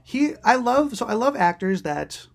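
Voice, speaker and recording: A woman co-hosting a relaxed podcast chat. She talks in loose, rambling stretches, full of ums and quick restarts, and she laughs often as she goes. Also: fairly high pitch, gravelly. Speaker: podcast co-host. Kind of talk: casual chat.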